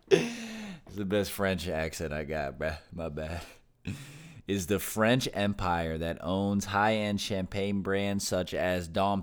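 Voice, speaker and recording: A man's voice: sits low, clean tone. A man hosting a podcast, reading news stories aloud and then riffing on them casually with slang and swearing. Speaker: podcast host.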